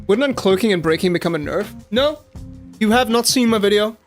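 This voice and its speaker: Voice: medium pitch, expressive, a little fast, faint music behind. A young adult streamer giving casual, slangy live commentary on a match and talking straight to chat. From South Africa. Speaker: game streamer.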